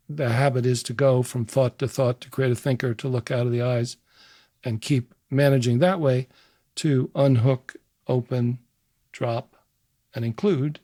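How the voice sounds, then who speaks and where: A man leads a meditation in a soft, unhurried way, his phrases searching and loose. His voice is warm and mellow. The sound is dry and close, with no room around it. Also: medium pitch, no room sound. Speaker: meditation teacher and psychotherapist. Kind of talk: guided meditation and explanation.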